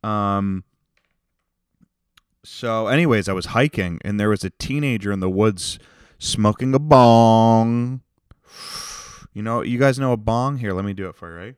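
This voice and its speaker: A man hosting a podcast alone, ranting in a rambling, profane, jokey way with sudden loud bursts. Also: lowish voice, a little slow, pauses often, clear, resonant tone, no room sound, clean studio sound. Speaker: podcast host. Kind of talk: solo comedic rant.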